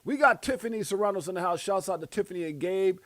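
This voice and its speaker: A man with a fairly high voice, hosting a crypto livestream and chatting casually with his viewers. He rattles off slangy, animated shout-outs one after another. The sound is dry and close, with no room echo. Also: fast. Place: Las Vegas.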